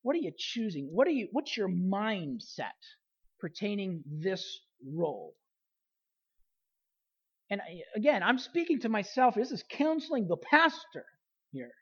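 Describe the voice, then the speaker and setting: A woman's voice: mid-range voice, sing-song, unhurried, breathy edge. Woman pastor preaching, dull lo-fi sound. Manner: emphatic preaching, repeats key phrases, trails off softly at phrase ends. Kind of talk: sermon.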